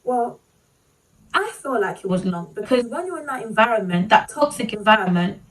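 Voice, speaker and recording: A woman with a fairly high voice tells a painful personal story to her viewers. She is fighting back tears and speaks haltingly, leaning on "like" and "you know." Her voice sits a little distant from the mic. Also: expressive. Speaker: vlogger.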